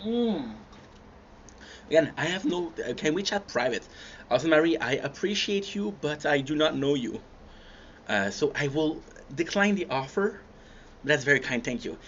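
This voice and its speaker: A man's voice: fairly high pitch, moderate pace. A young man hosting a livestream, chatting casually with viewers and humming between bites of food. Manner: relaxed, chatty, stops to chew and hum between bites. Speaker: livestream host. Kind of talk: casual chat with viewers while eating. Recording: dull lo-fi stream audio with faint background hum.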